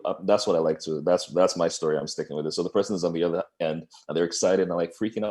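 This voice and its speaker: A man with a very low voice gives a business coaching talk over a video call. His delivery is conversational and lively, and he drops in playful asides. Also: quick pace. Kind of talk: webinar presentation.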